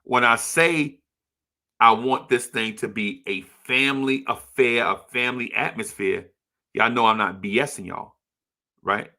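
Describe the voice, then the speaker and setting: A man's voice: mid-range voice, a little slow, sharp tone. A man hosting a live stream, giving a passionate, repetitive monologue as a basketball fan. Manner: rhetorical, repetitive, heartfelt. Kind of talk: emotional sports fan monologue.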